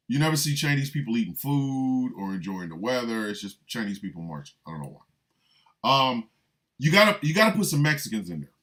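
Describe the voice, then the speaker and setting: A man's voice: medium pitch, sharp tone. A man delivering a comic monologue, riffing with repeated lines and mock-incredulous asides. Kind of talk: comedic monologue.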